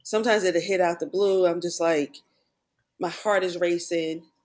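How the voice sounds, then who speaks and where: A woman's voice: fairly low pitch, steady tone, moderate pace, darkish tone. A middle-aged woman talking earnestly as a podcast guest, often retelling conversations in quoted bursts. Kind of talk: candid personal conversation.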